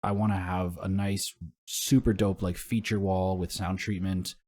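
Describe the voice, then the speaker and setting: A young man co-hosting a casual gaming podcast, talking in a relaxed, rambling way with frequent swearing. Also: low-pitched, unhurried. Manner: relaxed and rambling, swears often, laughs along. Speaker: podcast co-host.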